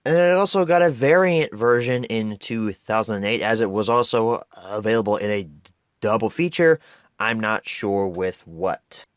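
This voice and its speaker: A man's voice: on the low side, moderate pace. A man hosting his own review videos, talking in a casual, upbeat way and rambling with fillers as he walks through a product. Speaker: host of a video review series.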